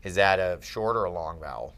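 Low-voiced man tutoring Greek grammar. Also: expressive, brisk, a bit bright. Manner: patient, questioning, emphatic on key points. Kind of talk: one-on-one Greek grammar lesson.

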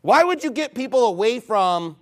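Combative male preacher, high-pitched voice, scornful sermon delivery. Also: big pitch swings, moderate pace.

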